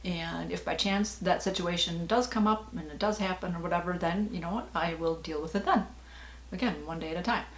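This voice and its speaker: A woman's voice: on the low side, a little fast, reverberant, a little hiss or hum. A middle-aged woman vlogging in a casual, rambling way, with many fillers and small laughs. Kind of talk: casual personal vlog talk.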